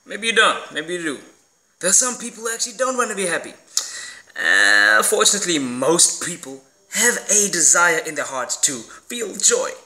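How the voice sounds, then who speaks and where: A man delivering an emphatic, animated motivational vlog monologue, swearing casually as he talks. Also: sits high, normal speed. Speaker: motivational vlogger.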